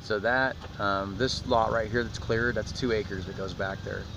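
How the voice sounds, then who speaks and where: A man's voice: fairly low pitch, fairly even intonation, normal speed, gravelly. A man casually narrating while riding in a car, rambling as he points things out and gives the driver directions. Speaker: vlogger showing his land. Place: inside a moving car. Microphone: handheld phone camera. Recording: distant muffled voice under loud wind and road noise.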